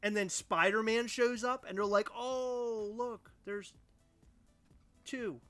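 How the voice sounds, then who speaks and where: Animated, ranting young man. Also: high voice, slow, faint music behind. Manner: animated, mock-outraged ranting. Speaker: podcast co-host. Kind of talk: casual chat.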